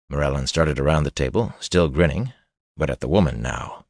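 Male audiobook narrator, extremely low voice, measured and steady, dry booth sound. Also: dry recording. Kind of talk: scripted fantasy narration.

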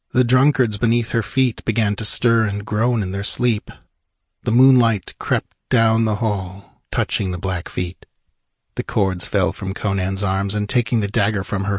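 A man narrating an audiobook in a measured, grave manner with a husky voice. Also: fairly low pitch, dry recording, clean studio sound.

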